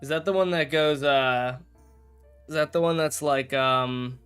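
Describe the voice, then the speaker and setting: A man's voice: a little high, unhurried, a bit bright, smooth, soft background music. A young man chatting casually on a live stream while playing a game, rambling, correcting himself and joking with chat. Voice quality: rambling, self-correcting, jokey.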